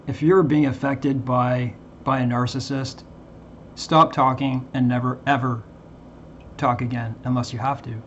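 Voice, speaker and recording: A man talking earnestly to his viewers as a Christian channel host, in a halting way with frequent restarts. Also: mid-range voice, fairly even intonation, a bit bright, highs cut off, slight background noise. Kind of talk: earnest casual monologue to viewers.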